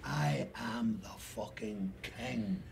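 An actor playing a furious, bullying Scottish oil rig boss in a video game, harsh, barking and foul-mouthed. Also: male voice, mid-range voice, extremely slow, gravelly, crowd noise, heavily acted. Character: furious middle-aged male rig boss, bullying tyrant.

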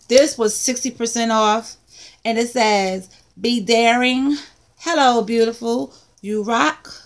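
A woman talks through her haul in a casual vlog, her voice sitting high. She takes her time, then bursts into excited exclamations and playful asides. She is close to the mic at a table. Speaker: vlogger showing a haul of craft supplies.

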